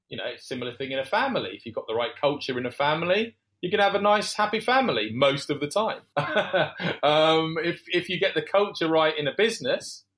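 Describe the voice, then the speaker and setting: A man answers interview questions in a reflective, conversational way. His voice sits a little higher than most men's, and he pauses on fillers and corrects himself mid-sentence as he thinks aloud. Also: a bit bright. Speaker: business founder, podcast guest.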